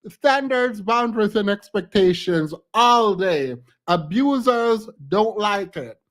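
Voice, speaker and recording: An outspoken woman commenting casually on a clip she is watching. Her voice sits at a middle pitch, and she breaks into laughter often between her remarks. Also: lively intonation, takes it slowly. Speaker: reaction commentator.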